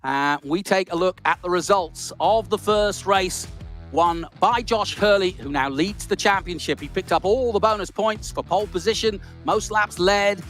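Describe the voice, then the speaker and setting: Brit play-by-play man, high and bright, loud calls then quiet jokey asides. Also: normal speed, faint music behind. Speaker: lead commentator. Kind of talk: esports race commentary.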